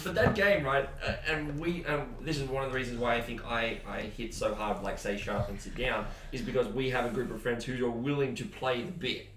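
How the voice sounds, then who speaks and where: Casting note: male podcast host, animated and laughing, set back from the mic in an echoey room. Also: mid-range voice, brisk, few pauses, far from the mic, slight background noise. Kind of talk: casual chat.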